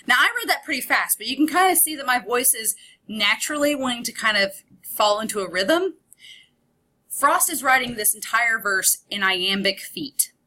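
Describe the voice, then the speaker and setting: A woman's voice: medium pitch, bright, forceful tone. A woman college English instructor giving a recorded online lecture in a conversational way, explaining with examples and asides.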